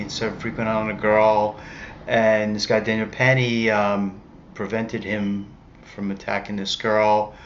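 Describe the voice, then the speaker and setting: A man's voice: on the low side, fairly bright tone, a little hiss or hum. A man telling a personal story in a casual, rambling way, correcting himself as he goes, on a dull lo-fi recording. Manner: rambling, self-correcting, conversational. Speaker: street musician telling a story.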